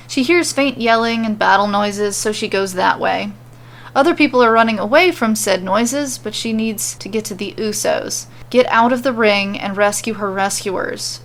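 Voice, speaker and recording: A woman podcaster reading fan fiction aloud in a steady, lightly wry narration. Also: medium pitch, gravelly. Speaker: podcast storyteller.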